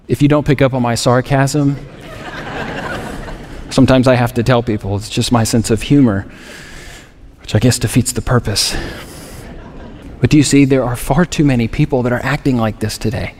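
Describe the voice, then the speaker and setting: A man's voice: mid-range voice, moderate pace, long pauses, a little mellow, long reverb tail. A man preaching a sermon as pastor, earnest with moments of dry sarcasm.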